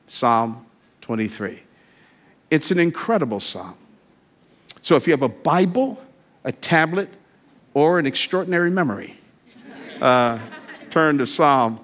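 A man preaching a sermon in a church, slowing down to stress key words, adding wry asides, and building to emphatic declarations. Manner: builds from quiet, slow reflection to high, emphatic declarations. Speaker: guest preacher. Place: church sanctuary.

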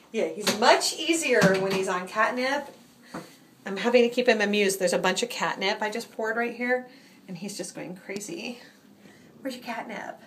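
A woman's voice: mid-range voice, a bit bright, slight background noise. Woman cooing at cats on a phone video. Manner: cooing baby talk to cats between chatty updates. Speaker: cat foster carer. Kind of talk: casual phone video with pets. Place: home indoors. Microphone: phone held in hand.

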